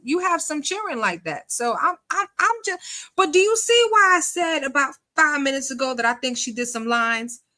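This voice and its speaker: A woman's voice: fairly high pitch, pushed and bright. A woman hosting a livestream, giving sassy, colloquial commentary on a phone call and laughing often as she mocks it. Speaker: livestream host.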